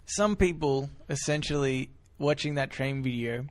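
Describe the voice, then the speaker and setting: A man co-hosting a podcast in casual chat, telling stories in an animated, jokey way. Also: medium pitch, unhurried. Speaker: podcast co-host.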